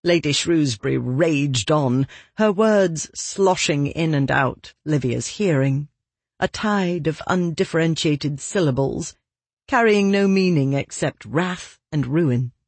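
Audiobook narrator, lively sing-song pitch, husky voice, dry close mic. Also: slow, dry recording. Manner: expressive storytelling with lively pitch. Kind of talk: scripted narration of a period novel.

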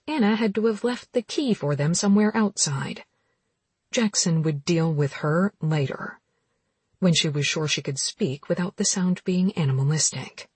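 A woman narrating a romance audiobook with steady, even storytelling, recorded close. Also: low voice, breathy edge, no room sound.

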